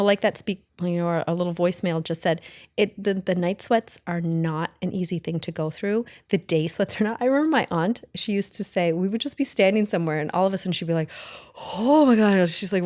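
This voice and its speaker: A woman's voice: on the low side, quick pace, a little mellow, dry recording, clean studio sound. A middle-aged woman hosting a podcast, talking casually and bluntly, rambling with self-corrections and acting out bits of past conversations. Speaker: podcast host. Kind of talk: casual solo podcast talk.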